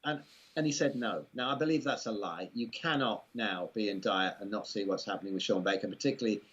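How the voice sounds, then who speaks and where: Husky-voiced rambling Englishman. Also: lowish voice, quick pace, a bit bright. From England. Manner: rambling, amused, full of "you know" asides. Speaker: guest. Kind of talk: casual conversational interview. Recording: muffled lo-fi recording.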